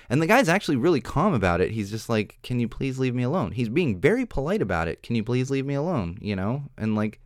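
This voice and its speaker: A man's voice: medium pitch, no echo, clean studio sound. A young man hosting a solo podcast, rambling with many restarts, earnest and exasperated. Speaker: podcast host. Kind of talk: solo opinion monologue. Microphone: studio microphone.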